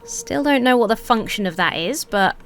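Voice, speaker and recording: A woman's voice: a little high, lively intonation, normal speed, soft background music. A woman giving rambling, chatty let's play commentary, talking to herself as she plays. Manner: rambling, chatty self-talk while playing. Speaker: gaming video creator.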